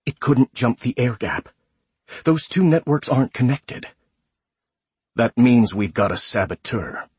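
A man voicing a wounded male scientist in hiding who talks in low mutters. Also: expressive, measured pace, pauses often, a little mellow, breathy edge, dry recording. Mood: grim mutter.

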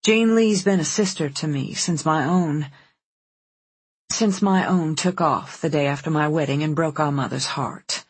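An audiobook reader voicing a placid, caring mother, calm and gently firm. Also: mid-range voice, measured pace, slightly rough. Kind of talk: audiobook character voice.

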